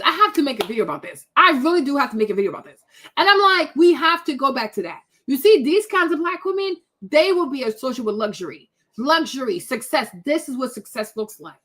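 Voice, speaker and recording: Woman vlogger reacting to pics, high voice all over the place, keeps repeating stuff. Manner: animated, exclaiming, repeats herself. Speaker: commentary vlogger. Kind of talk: casual reaction commentary.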